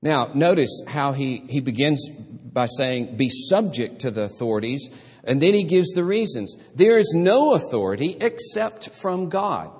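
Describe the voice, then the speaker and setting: Guy preaching a teaching sermon, kinda husky, long echo like a big church hall. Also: fairly high pitch, very animated, a little slow, darkish tone. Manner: teaching, repeats and restarts words. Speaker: pastor. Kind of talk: expository sermon.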